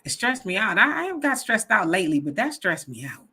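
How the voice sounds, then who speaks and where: Bright-voiced woman hosting a live chat. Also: mid-range voice, fast talker, husky. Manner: animated, laughs often, reads comments aloud. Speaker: host reading live chat. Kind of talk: casual live-stream chat.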